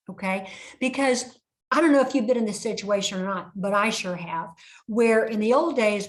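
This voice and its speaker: Older lady running a bank training webinar, chatty, acts out little scenes, medium pitch. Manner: lively, anecdotal, acts out dialogues.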